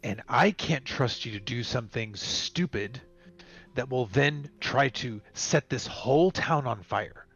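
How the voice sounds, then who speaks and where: A man's voice: mid-range voice, animated, measured pace, fairly bright tone, breathy edge, faint music behind. A man playing his character in a tabletop game, firm and commanding in character. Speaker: player. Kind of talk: in-character tabletop role-play. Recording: slightly dull voice chat audio.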